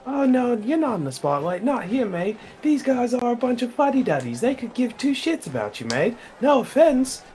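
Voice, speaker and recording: Brief: man playing a chatty, boisterous adventurer, high and lively, says mate a lot. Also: moderate pace, few pauses, slight background noise. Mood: jovial. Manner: boisterous, keeps calling people mate. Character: cheerful chatty male tavern adventurer. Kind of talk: in-character tabletop role-play.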